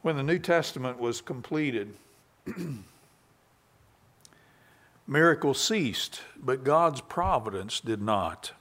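A man preaching a sermon, reading scripture quietly and then building to loud, emphatic passages. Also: mid-range voice, expressive, unhurried.

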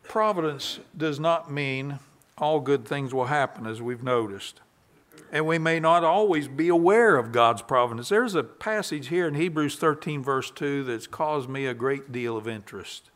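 A man preaching a sermon, reading scripture quietly and then building to loud, emphatic passages. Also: medium pitch, normal speed.

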